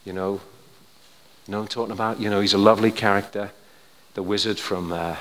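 An older man preaching a sermon, telling stories conversationally, going quiet and then building to emphatic points. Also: on the low side, steady tone, fast talker, slight background noise. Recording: long hall reverb.

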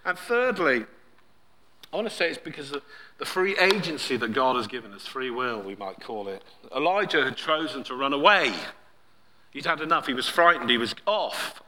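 Bright-voiced preacher man in a reverberant hall. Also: mid-range voice, lively intonation, normal speed, long pauses. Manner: swings between loud emphasis and near-whispered softness. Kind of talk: sermon.

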